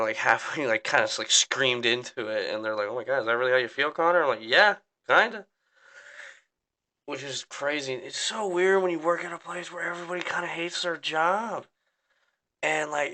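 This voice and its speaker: A man's voice: mid-range voice, pushed and bright, clean tone. A young man hosting a podcast, rambling and venting in a downbeat casual rant, swearing often and saying "like" constantly. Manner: rambling, swears a lot, full of "like". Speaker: podcast host.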